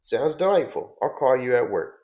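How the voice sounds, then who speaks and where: A man reading aloud as a smooth, charming gentleman with a suave, teasing manner, on a dull lo-fi recording. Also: mid-range voice, sing-song, moderate pace, pitched above the performer's own voice.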